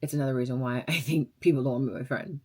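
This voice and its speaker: A woman's voice: extremely low pitch, steady tone, quick pace, husky. A woman in her twenties from Las Vegas, a radio DJ chatting casually as she answers viewer questions, blunt and sarcastic with fillers and laughs. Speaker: radio DJ and vlogger.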